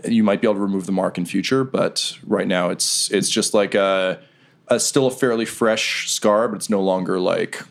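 A man with a lowish voice narrates a tabletop fantasy game as its game master. He rambles in a relaxed, easygoing way, full of small fillers. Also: moderate pace, creaky.

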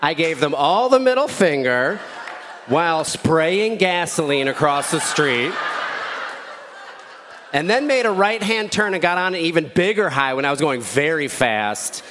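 A man's voice: lively intonation, unhurried, slight background noise. A man in his thirties telling a rambling, self-deprecating stand-up story as a new dad. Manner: rambling, self-deprecating, with squeaky shouted quotes. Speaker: stand-up comedian. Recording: echoey hall with faint ambience.

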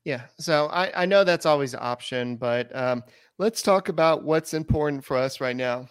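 A man's voice: on the high side, moderate pace, clear, resonant tone, no echo, studio quality. A man co-hosting a sports podcast in casual chat, playful and hesitant, with many fillers. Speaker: podcast co-host.

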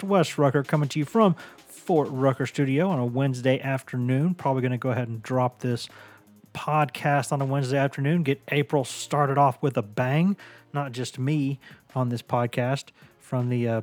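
A man hosting a casual sports podcast from his home office, hoarse and rambling with stammering restarts. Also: mid-range voice, steady tone, moderate pace, a little mellow, no room sound, soft background music. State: hoarse from bronchitis. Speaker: podcast host.

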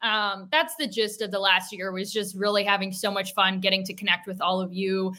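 A woman's voice: mid-range voice, fairly even intonation, a little fast, pushed and bright. A woman co-hosting a podcast, chatting casually and telling a story about her co-host. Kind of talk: casual chat.

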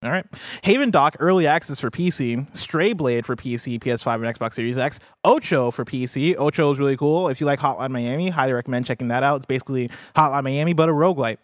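A man's voice: mid-range voice, quick pace, no room sound, studio quality. A man co-hosting a casual gaming news talk show, chatting loosely with lots of fillers and reading out a release list. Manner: loose and chatty, frequent fillers, laughs easily.

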